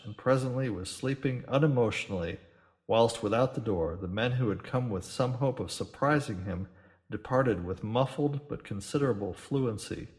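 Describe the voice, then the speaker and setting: A man reading a classic adventure story aloud as audiobook narrator, in a measured storytelling manner. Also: on the low side.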